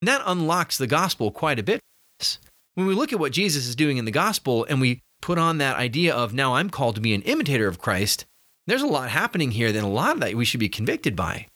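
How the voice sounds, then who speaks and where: Man, conversational sermon delivery, animated intonation, dead-dry close mic. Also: mid-range voice, quick pace, dry recording. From North America. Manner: earnest, conversational, with restarts and rising emphasis. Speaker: preacher. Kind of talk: sermon-style podcast reflection.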